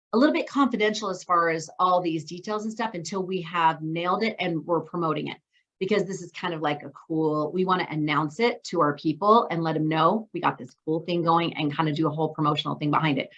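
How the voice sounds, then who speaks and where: A middle-aged woman coaching a women's group, bubbly and excitable, telling stories with lively asides. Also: on the low side, highs cut off. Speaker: business coach leading a women's group meeting. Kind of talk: animated meeting talk with storytelling.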